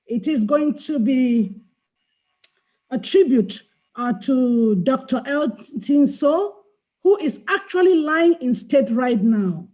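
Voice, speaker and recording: A middle-aged woman from Cameroon reads her poems aloud over a video call. Her voice is high and mellow, and she takes her time over every line. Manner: slow, deliberate recital with chanted dirge passages. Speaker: invited poet. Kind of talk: poetry reading on a webinar.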